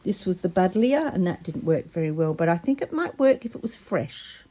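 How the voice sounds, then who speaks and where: Excitable chatty woman crafting. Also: lowish voice, moderate pace. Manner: chatty, excitable, stumbling over words. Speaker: craft vlogger. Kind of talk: casual craft demonstration.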